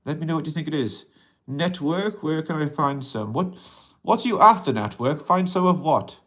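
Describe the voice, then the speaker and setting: A man with a fairly high, very animated voice hosts a casual mental-health livestream. He has an accent viewers keep guessing at. He rambles, reads chat comments aloud and answers them, and talks to "you humans" as an alien persona. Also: normal speed. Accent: unplaced accent that viewers ask about. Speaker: livestream host.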